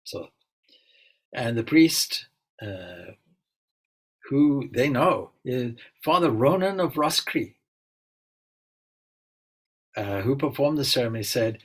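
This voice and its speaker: A man with a husky, slightly breathy voice giving an informal spiritual talk. He speaks at an easy middle pitch, musing and unhurried, wandering into little asides as he retells old stories for his audience. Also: low-quality recording. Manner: relaxed, musing, with frequent fillers and asides. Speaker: swami leading a spiritual gathering.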